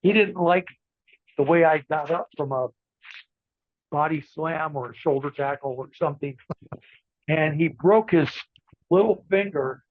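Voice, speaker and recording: Brief: man in his 60s, slightly high voice, rambling anecdotal guest, tinny dry phone-line sound. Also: measured pace, long pauses, no echo. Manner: rambling anecdotes with many fillers and restarts. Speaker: interview guest, former wrestler and ring announcer. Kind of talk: casual storytelling interview.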